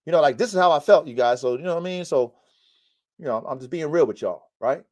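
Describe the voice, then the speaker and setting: Talking fast in a darkish, expressive voice on the high side, a dog breeder hosts a casual podcast live-stream about his dogs. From his mountain home he preaches bluntly, curses frequently and hammers points by repeating them.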